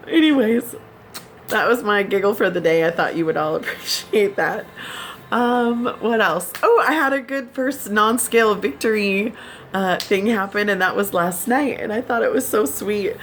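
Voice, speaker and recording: A woman's voice: mid-range voice, lively intonation, unhurried, a little hiss or hum. A woman vlogger chatting casually with her viewers, giggling and laughing often as she tells her stories. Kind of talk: casual chat to subscribers.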